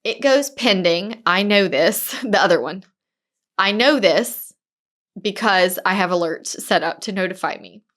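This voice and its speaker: A woman in her thirties co-hosting a casual podcast chat, telling an animated story and acting out the voices she quotes. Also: medium pitch, unhurried. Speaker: podcast co-host, real estate agent.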